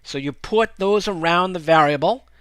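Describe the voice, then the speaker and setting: A man's voice: sits high, normal speed, a bit bright, clean tone, dry recording. A man giving a casual screencast coding lesson, upbeat and chatty, often checking in with "right?" and "okay?". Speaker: programming instructor.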